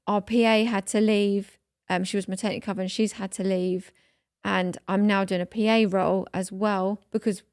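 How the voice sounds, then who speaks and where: Podcast co-host, woman in her thirties, mid-pitched, chatty, emotional storyteller with lots of fillers. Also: darkish tone, clean tone, no room sound, studio quality. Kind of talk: casual chat.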